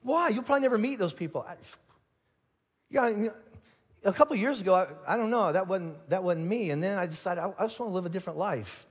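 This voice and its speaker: Animated high-voiced pastor in a big hall. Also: male voice, a little fast, husky. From Indiana. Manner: animated storytelling with acted-out voices and restarts. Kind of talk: sermon. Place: large church auditorium. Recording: long hall reverb.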